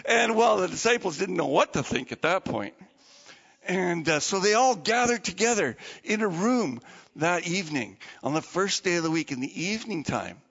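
Man, children's storyteller, high lively voice, dull recording, long reverb. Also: moderate pace, vocal fry, slightly rough. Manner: animated, dramatic retelling with restarts.

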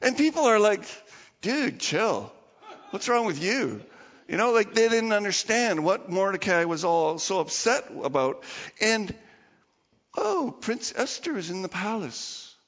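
Pastor guy preaching, high lively voice, big echoey hall, kinda dull sound. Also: measured pace. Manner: animated storytelling with acted-out voices. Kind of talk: sermon. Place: church.

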